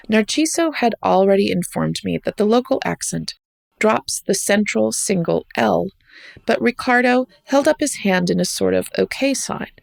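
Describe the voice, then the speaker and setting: This is a gravelly, mid-range female voice with no echo: a US podcast host with an American accent narrating her personal travel essay in a wry, reflective manner.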